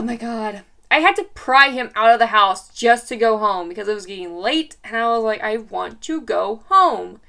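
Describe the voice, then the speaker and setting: A woman's voice: fairly high pitch, a bit bright, clear, resonant tone. A young woman vlogger telling a story in casual chat, exasperated and chatty, acting out what she and others said.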